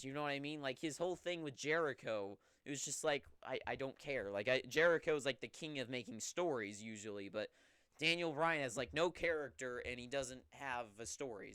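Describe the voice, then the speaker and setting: Bright, crisp-voiced young man rambling casually. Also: mid-range voice, no echo, clean studio sound. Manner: rambling, offhand, with excited bursts quoting wrestlers. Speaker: wrestling recap host. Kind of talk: casual solo recap.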